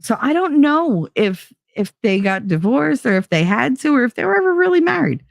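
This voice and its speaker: A woman's voice: high voice, big pitch swings, creaky, dry recording, studio quality. A middle-aged woman hosting a podcast, telling a story in a blunt, profane, casual way and acting out both sides of each conversation. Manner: blunt, profane, quick to swear; acts out both sides of conversations in shifting voices. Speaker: podcast host.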